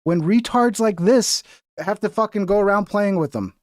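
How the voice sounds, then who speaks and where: A man's voice: high voice, moderate pace. A man streaming a reaction to a video, talking casually with a profane, exasperated and rambling manner.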